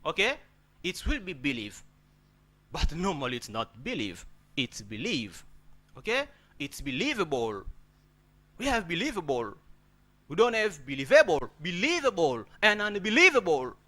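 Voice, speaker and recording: A man's voice: sits high, big pitch swings, moderate pace, pushed and bright. A man teaching an English pronunciation lesson, repeating words and checking in with "okay?" after nearly every point.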